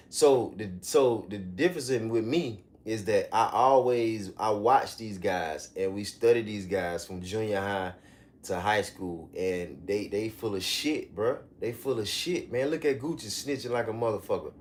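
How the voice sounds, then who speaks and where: Profane, animated man ranting on a livestream. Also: unhurried. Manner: animated, profane, mocking rants with sudden high-pitched outbursts. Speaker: livestream host. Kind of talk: casual livestream commentary.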